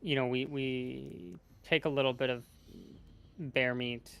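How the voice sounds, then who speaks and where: Casting: gravelly man as a chatty tabletop player who meanders with fillers and restarts. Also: medium pitch, fairly even intonation, takes it slowly, fairly bright tone. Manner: rambling, full of fillers and restarts. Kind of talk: casual tabletop game chat.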